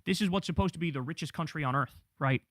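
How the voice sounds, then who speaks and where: Heated high-voiced male news ranter. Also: fast, fairly bright tone, no echo, clean studio sound. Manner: heated, swears, rants. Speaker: political show host. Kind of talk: live news commentary.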